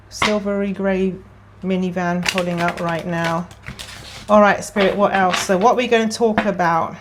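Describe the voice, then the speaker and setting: A woman's voice: on the low side, a little hiss or hum. A woman giving a casual tarot card reading to camera. She talks in an emotional, chatty way and thinks aloud as she pulls cards. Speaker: tarot reader.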